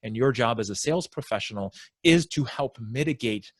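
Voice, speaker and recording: A man, a sales consultant, explaining his approach as a podcast guest and acting out his clients' worries in quick asides. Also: medium pitch, dry recording, clean studio sound. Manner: animated explainer, acts out prospects' inner voices. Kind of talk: conversational interview.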